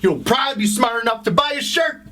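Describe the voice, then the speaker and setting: A man's voice: very high voice, expressive, quick pace, bright, forceful tone. A man giving a profane, sarcastic comedic rant as a video commentator.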